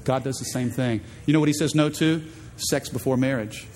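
A man preaching a sermon as pastor, animated and playful, acting out voices in the stories he tells. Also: a little fast, big-room sound. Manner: animated, acts out quoted voices in high pitch.

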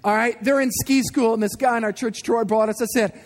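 A man in his forties preaching a sermon, telling animated personal stories and asking the congregation questions. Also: extremely high pitch, a little fast. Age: 40s. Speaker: guest preacher.

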